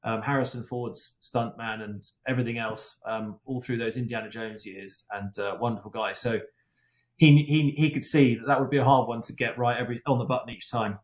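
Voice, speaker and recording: A man's voice: mid-range voice, fairly even intonation, brisk. A man, a guest stunt and racing driver, telling stories in a chatty podcast conversation full of restarts and fillers. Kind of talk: casual anecdotal podcast talk. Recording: echoey room.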